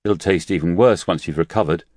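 A man voicing a weary, indifferent man newly woken from hibernation, flat and dismissive. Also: deep voice, a little fast, no room sound, clean studio sound.

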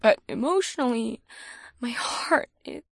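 A woman voicing a shaken, shy young woman in an audiobook, soft and hesitant, often trailing off. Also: fairly high pitch, lively intonation, unhurried, gravelly, no room sound, studio quality. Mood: pleading. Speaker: audiobook voice actor. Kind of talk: dual-narration audiobook dialogue.

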